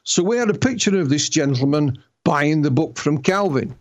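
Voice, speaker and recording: Yorkshire-accented male author, chatty storyteller with frequent restarts, somewhat higher voice. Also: lively intonation, normal speed. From Yorkshire, England. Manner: storytelling, repeats and restarts words. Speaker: author and guest. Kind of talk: interview conversation.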